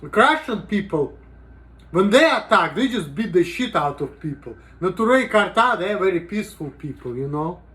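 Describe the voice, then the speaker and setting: A man's voice: sits high, very animated, moderate pace, bright, forceful tone. A man talking casually in a rambling, profane vlog monologue, with "you know" in almost every sentence. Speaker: vlogger.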